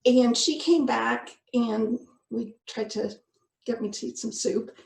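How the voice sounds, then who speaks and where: A woman's voice: a little high, slow, creaky, darkish tone, echoey room, poor audio. A woman sharing a personal faith testimony in an earnest, heartfelt storytelling manner. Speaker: guest speaker.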